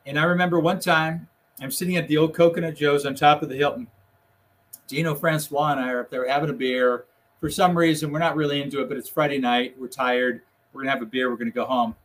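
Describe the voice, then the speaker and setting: A man's voice: fairly high pitch, steady tone, fast talker. An older man, a retired reporter, telling rambling newsroom anecdotes in a casual conversation, acting out the quotes.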